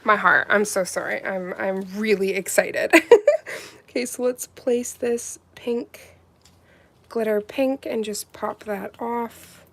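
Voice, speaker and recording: A woman reviewing nail gels on a live stream, gushing and gasping with excitement and chatting to viewers. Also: medium pitch, slow. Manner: gushing, gasping, breathy exclamations, greets viewers. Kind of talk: excited live unboxing chat.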